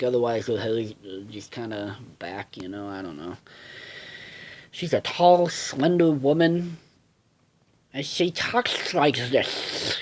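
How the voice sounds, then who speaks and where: A man's voice: mid-range voice, a little mellow. Rambling, foul-mouthed man reviewing a cartoon. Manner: profane, rambling, lots of fillers and restarts.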